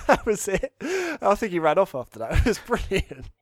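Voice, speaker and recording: Man co-host, rambling storyteller, high voice, dry close sound. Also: a bit bright, no room sound. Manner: rambling, laughs at his own stories. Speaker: podcast co-host. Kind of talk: casual anecdote telling.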